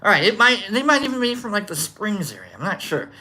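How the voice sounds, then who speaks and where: A show host telling a long, rambling story in a casual way and acting out scenes with shouts. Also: mid-range voice, very animated, fast talker.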